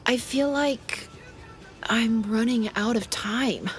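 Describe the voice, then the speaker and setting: An actress voicing a moody, uncertain teenage girl in a video game, speaking quietly and hesitantly. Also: fairly high pitch, slow, faint music behind.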